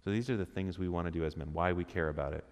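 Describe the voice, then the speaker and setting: Deep-voiced man preaching in a hall. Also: racing. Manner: conversational, asks the room questions, acts out quotes. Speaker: speaker at a men's church group. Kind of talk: interactive sermon with questions to the audience. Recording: reverberant hall.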